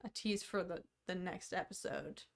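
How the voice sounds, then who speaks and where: A woman's voice: on the low side, normal speed, vocal fry. Chatty self-deprecating woman co-host. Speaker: co-host of a fan podcast livestream. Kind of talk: casual chat.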